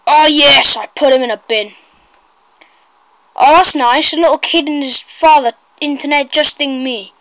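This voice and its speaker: A woman with a high voice chats through a video game at an unhurried pace. She rambles and breaks into excited shrieks at every crash. The sound is dry and close, with no room around it. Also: no echo, low-quality recording. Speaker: gameplay commentator. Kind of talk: casual gameplay commentary.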